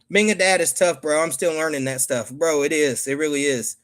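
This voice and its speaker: A man's voice: fairly high pitch, normal speed, fairly bright tone. Brief Southern-accented man rambling casually. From Michigan. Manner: drawling, joking, trailing off with ums. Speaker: streamer and father. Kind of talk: casual rambling chat to viewers.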